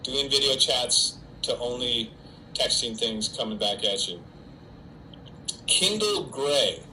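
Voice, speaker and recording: Quarantined at home, the middle-aged actor runs a casual solo livestream, answering typed questions from fans and making fun of himself for an audience he can't see. He speaks slowly in a bright, forceful, medium-pitched voice with lively intonation. Slight background noise marks the low-quality recording.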